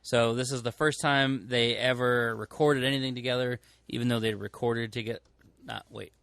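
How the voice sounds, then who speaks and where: Male record-store podcast co-host, mid-pitched, rambling casual delivery, dry sound. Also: steady tone, normal speed, vocal fry, a bit bright, no room sound. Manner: rambling, self-correcting, many fillers. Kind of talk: casual chat.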